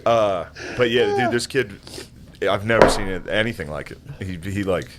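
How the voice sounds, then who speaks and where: A man's voice: fairly low pitch, normal speed, heavy background noise. A man casually telling a story on a podcast, swearing, laughing and acting out what people said. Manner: loose, laughing, swearing, acts out quotes.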